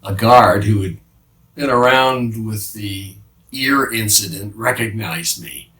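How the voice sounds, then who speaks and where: A man playing the apostle Peter as a remorseful fisherman, confessing haltingly in a dramatic monologue with many restarts. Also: on the low side, pushed and bright. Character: remorseful male fisherman apostle, middle-aged, haunted by guilt. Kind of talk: dramatic first-person monologue. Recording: roomy sound from a distant mic.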